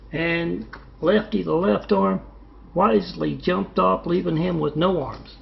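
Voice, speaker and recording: Male storyteller, rambling comic tales, gravelly voice, fairly high, muffled recording, faint hiss. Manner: rambling, with fillers and asides. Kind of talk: telling absurd comic tales.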